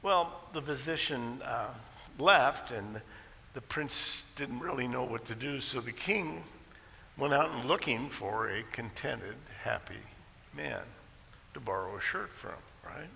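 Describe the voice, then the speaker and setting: A pastor preaching a conversational sermon in a church, telling a story with folksy asides. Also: male voice, medium pitch, takes it slowly, creaky, pushed and bright. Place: church sanctuary. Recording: echoey hall with faint hiss.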